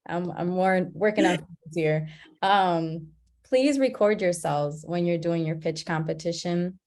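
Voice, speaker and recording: A woman leading an online class on a video call, talking in a relaxed, chatty way and laughing at her own slips. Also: on the low side, a little slow. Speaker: class facilitator.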